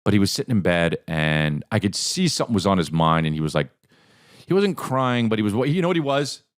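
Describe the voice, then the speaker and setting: A man hosting a podcast who tells a story in a casual, animated, profane way and acts out the voices of the people in it. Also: low voice, a little fast, smooth. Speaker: podcast host.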